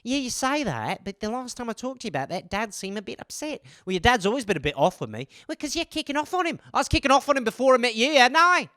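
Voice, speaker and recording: A man voicing a bickering, melodramatic character from an Australian soap opera, in a put-on Australian accent, exaggerated and rapid-fire. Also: very high voice, very animated, sharp tone, no echo, clean studio sound, pitched above the performer's own voice, exaggerated voice.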